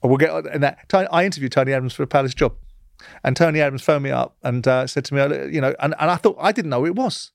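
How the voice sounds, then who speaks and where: Brief: male host, gravelly voice, quick pace, blunt and confrontational. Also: mid-range voice, no room sound, studio quality. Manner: blunt, challenging, swears. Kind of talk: interview and debate.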